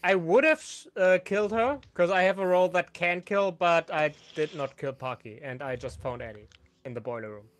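A man in a gaming chat, speaking haltingly with frequent restarts as he accuses others. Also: fairly high pitch.

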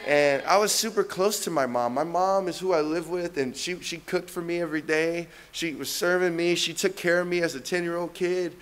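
A young man with a high voice preaches to his congregation. He tells a personal story earnestly and builds to emphatic, heartfelt appeals. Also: a bit bright.

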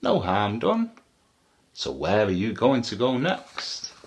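Storybook mum elephant, wise and gentle, slow soothing lines, read by a man. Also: lowish voice, huge pitch swings, gravelly, full character voice. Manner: soothing and kind.

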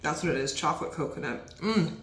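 A woman's voice: sits low, animated, fast, slight background noise. A woman chatting enthusiastically while tasting treats for a casual vlog, recorded in a bakery. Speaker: vlogger. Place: bakery, indoors. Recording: echoey room with faint ambience.

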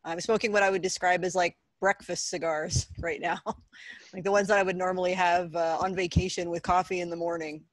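A woman's voice: fairly low pitch, level tone, fairly quick, no echo. A woman talking as a guest in a casual podcast chat, frank with dry humor.

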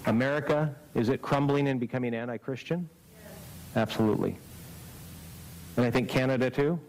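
A man delivers a camp-meeting sermon at a moderate, ordinary pitch for a man. His tone is earnest and exhorting. He keeps turning to the congregation with rhetorical questions. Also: brisk, a little mellow, a little hiss or hum, poor audio. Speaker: preacher.

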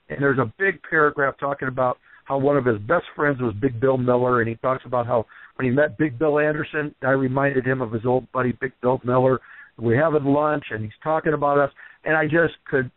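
A man's voice: medium pitch, fairly quick, no echo. Guy rambling on a phone call, lots of uh's, thin tinny line, pretty dry sound. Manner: rambling, lots of fillers, animated storytelling. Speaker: wrestling trainer and author, guest. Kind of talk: casual radio interview over the phone.

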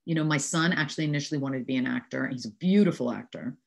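Low-voiced American actress in her 60s. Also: fast, gravelly. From New York City. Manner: animated anecdotes, frequent laughter. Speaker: actress, interview guest. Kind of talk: casual storytelling interview.

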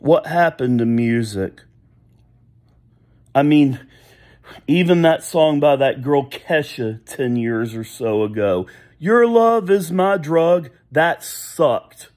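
A man's voice: mid-range voice, takes it slowly, pauses often, a little mellow. A man ranting in a casual solo vlog, rambling and exasperated, full of nostalgia. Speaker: vlogger. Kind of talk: casual solo rant to camera.

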